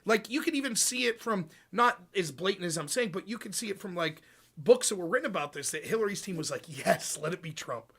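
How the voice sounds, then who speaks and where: A man hosting a casual political chat show, talking in an animated, profane, ranting way. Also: high voice, fast talker, breathy edge. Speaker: podcast host.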